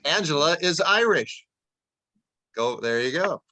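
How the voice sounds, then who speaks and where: Guy hosting a story night, casual, kinda flustered, dry bright voice. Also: fairly high pitch, animated, a little slow, no room sound. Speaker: event host. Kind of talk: introducing a speaker.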